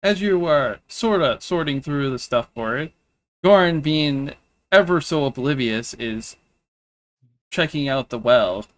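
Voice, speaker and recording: A man running a tabletop game as game master, narrating haltingly with many restarts. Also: a little high, animated. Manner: halting, restarts often, laughs between lines.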